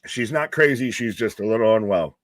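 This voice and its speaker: A man's voice: lowish voice, animated, fairly quick, a bit bright, dry recording. A man co-hosting a live wrestling watch-along, joking around, laughing and swearing freely. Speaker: co-host.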